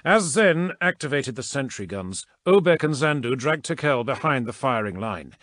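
A man reads action fiction as an audiobook narrator with dramatic expression. His pitch swings widely as the scenes build. The recording is dry and close, with no room sound. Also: big pitch swings, moderate pace, fairly bright tone, dry recording. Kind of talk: scripted narration.

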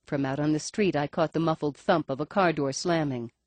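A woman's voice: deep voice, a little fast, a little mellow, dry recording. A woman reading a first-person audiobook in a wry, dry storytelling manner. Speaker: audiobook narrator.

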